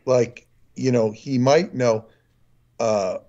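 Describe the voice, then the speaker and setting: A man's voice: mid-range voice, steady tone, slow pace, dark tone, highs cut off. A man talking as a guest in casual chat, telling long rambling anecdotes.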